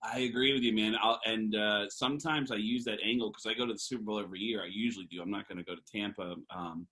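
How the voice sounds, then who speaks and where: A man's voice: on the low side, fast. A man, a stand-up comedian, telling a story as a podcast guest in casual chat. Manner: animated storyteller, slips into impressions.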